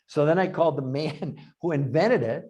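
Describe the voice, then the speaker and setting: Man telling an animated story on a video call. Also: fairly high pitch, normal speed. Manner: animated anecdotes with acted-out quotes. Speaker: health researcher and speaker. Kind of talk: storytelling in an interview.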